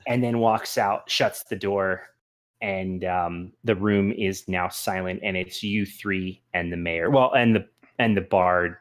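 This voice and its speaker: A man narrating a tabletop game as game master, casual and rambling, chuckling often. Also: on the low side. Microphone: voice chat.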